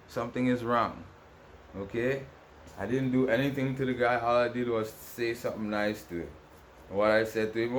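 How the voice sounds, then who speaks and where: A man's voice: medium pitch, fairly bright tone, a little hiss or hum. A man vlogging to camera in a rambling, repetitive, aggrieved rant with many restarts. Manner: ranting, aggrieved. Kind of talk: casual monologue to camera.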